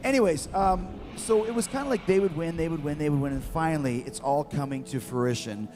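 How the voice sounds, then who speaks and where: A middle-aged man, a guest in an interview, telling lively anecdotes with repeated words. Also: a little high, a little fast. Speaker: guest, former wrestler. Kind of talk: storytelling in an interview. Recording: long reverb with faint music.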